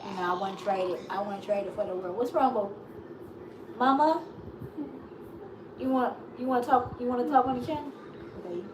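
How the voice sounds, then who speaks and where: A woman with a Chicago accent co-hosting a live chat, telling stories in an animated way with many restarts. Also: on the high side, moderate pace, pauses often. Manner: animated storytelling, frequent laughs and restarts. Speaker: live show co-host. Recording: echoey room with steady background noise.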